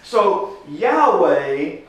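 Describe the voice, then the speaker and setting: A man's voice: high-pitched, sing-song, very slow. A man teaching an informal Bible class, talking casually and putting questions to his listeners. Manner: conversational, asks the class questions. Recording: very echoey room from a distance.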